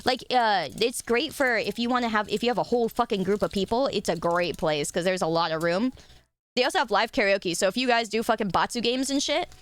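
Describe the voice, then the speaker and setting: A young woman streamer chatting casually at her desk, swearing freely and breaking into loud joking rants. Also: medium pitch, a little fast, no echo. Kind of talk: casual live-stream chat.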